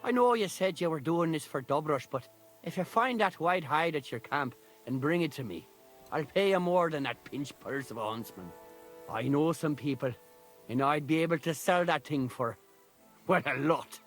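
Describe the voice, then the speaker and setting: Greedy Irish knacker, gruff and haggling, pitch swinging high and low, somewhat higher voice, soft music behind. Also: male voice, expressive, normal speed. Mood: scheming. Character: sly greedy male knacker villager, scheming.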